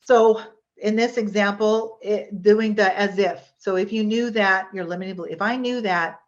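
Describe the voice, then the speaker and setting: A woman's voice: medium pitch, fairly even intonation, normal speed, muffled recording. Chatty woman teaching a hypnosis workshop. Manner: chatty, rambling, with many restarts and fillers.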